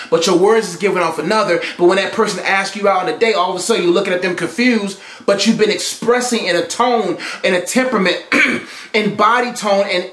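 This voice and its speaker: Emphatic high-voiced man in echoey room. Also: a bit bright. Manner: emphatic and repetitive, preacherly. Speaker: relationship speaker. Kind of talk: motivational teaching talk. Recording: roomy echo.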